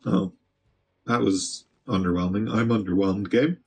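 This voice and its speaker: A man's voice: fairly low pitch, very animated, a little slow, creaky, darkish tone, breathy edge. A man streaming gameplay, chatting casually and talking back to the game, with an occasional swear. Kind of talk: live gameplay commentary.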